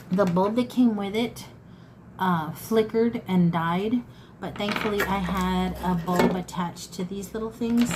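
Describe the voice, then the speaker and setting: A woman's voice: mid-range voice, low-quality recording. Woman in her fifties, folksy chatty vlogger, thrift haul talk, faint background hiss. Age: 50s. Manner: chatty, folksy, addresses viewers as y'all. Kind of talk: casual haul chat to camera.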